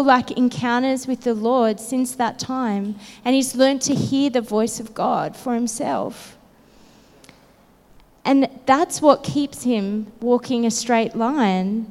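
A woman's voice: fairly high pitch, a little mellow, long reverb tail. A woman preacher telling an earnest, emotional personal story in a sermon, with casual fillers.

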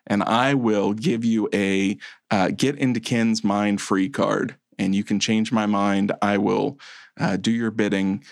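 A man co-hosting a casual podcast chat, animated and playfully over the top, making mock threats for laughs. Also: fairly low pitch, measured pace, gravelly, dry recording, studio quality. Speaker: podcast co-host.

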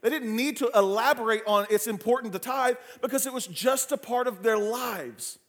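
A male pastor preaching a sermon, telling family stories with humor and lively asides. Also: very high-pitched, normal speed. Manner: frequent fillers and restarts in anecdotes.

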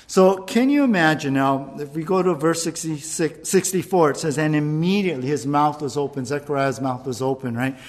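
A man, a pastor, preaching a sermon in an animated storytelling way, with jokes and acted-out bits. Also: a little high, normal speed, few pauses.

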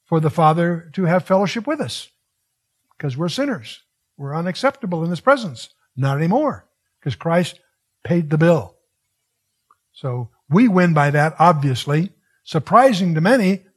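Older guy teaching bible verse by verse, kinda husky, chatty, keeps asking the audience questions. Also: sits high. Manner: conversational, asks the audience questions.

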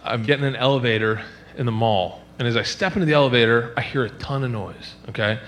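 A man doing a stand-up comedy set, telling stories animatedly and jumping into high squealing character voices. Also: quick pace, a bit bright, slight background noise. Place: comedy club stage.

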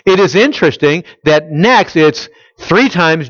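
A man preaching in a conversational way, leaning hard on key points and putting rhetorical questions to his listeners. His voice sits a little high for a man. The recording is dry and slightly muffled, with little room sound. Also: expressive, a little slow, a bit bright, no room sound. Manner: conversational, emphatic, asks the congregation rhetorical questions. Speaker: pastor. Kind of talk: expository sermon.

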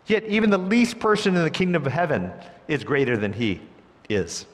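Male preacher, fairly high voice, sermon delivery that drops to a hush and then rises to emphasis, long hall reverb. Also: moderate pace. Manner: expressive, swings between hushed and emphatic delivery.

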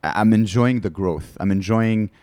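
A man's voice: fairly low pitch, moderate pace, a little mellow, no room sound. A man, a comedian guest on a podcast, telling rambling candid stories in casual chat. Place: studio.

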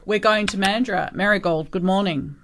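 A man's voice: sits high, expressive, normal speed, a bit bright, a little hiss or hum. A man hosting a radio call-in show, joking about himself. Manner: jokey, self-mocking. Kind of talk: radio presenting.

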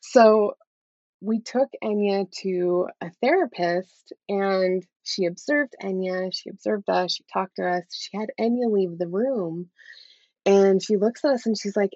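A woman's voice: medium pitch, unhurried, a little mellow, no room sound. A woman in her thirties, a guest in an interview, telling a personal story candidly and often adding "right?". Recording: dull, dry, lo-fi sound.

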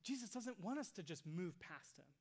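A pastor preaches to his congregation in a church sanctuary, alternating between loud emphasis and hushed near-whispers while posing rhetorical questions. His husky, mid-range voice moves at a moderate pace with large swings in pitch.

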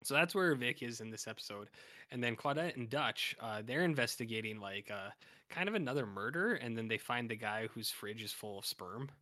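This podcast co-host, a man, tells a rambling, filler-heavy story while casually recapping an episode, restarting himself often. His mid-range voice has lively intonation and sounds pushed and bright, and he talks a little fast. It is a dry, studio-quality recording.

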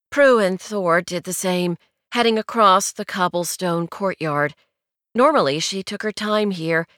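A woman narrating a novel in a measured, wry storytelling manner, recorded on a studio mic. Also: lowish voice, a bit bright, smooth, no room sound. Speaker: audiobook narrator. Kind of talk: scripted narration.

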